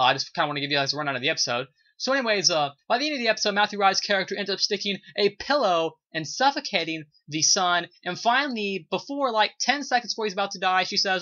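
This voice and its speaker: A mid-range voice, pushed and bright, comes through a dull lo-fi recording. The speaker is a video reviewer chatting casually about a TV episode, rambling, gushing with praise, and leaning heavily on "you know" and "uh."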